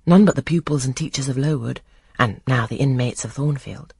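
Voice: mid-range voice, vocal fry, slightly rough, no echo, clean studio sound. A reader doing a composed, frank young woman. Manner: calm, measured answers. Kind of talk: audiobook reading of a classic novel.

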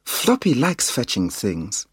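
A man reading a storybook aloud, voicing an excitable young girl in a high, emphatic voice. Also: takes it slowly, breathy edge, no echo, studio quality, heavily acted. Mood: excited.

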